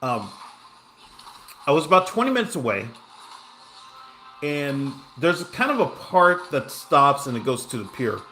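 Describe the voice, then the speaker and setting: Bright and forceful in a mid-range voice, a gaming streamer rambles through a long story about himself as he plays. He keeps restarting, drifting into asides and cracking self-deprecating jokes.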